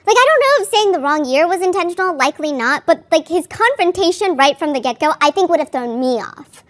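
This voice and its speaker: A woman's voice: very high-pitched, expressive, a little fast. A woman podcast host giving casual, chatty commentary on a court case, full of "like" fillers and candid asides.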